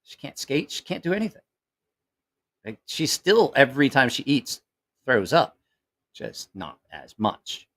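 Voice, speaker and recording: At home with family nearby, a middle-aged man hosts a livestream, chatting casually with a live audience. He speaks unhurriedly in a mid-range voice and pauses often. He's an animated, profane storyteller whose rambling tales are full of laughter.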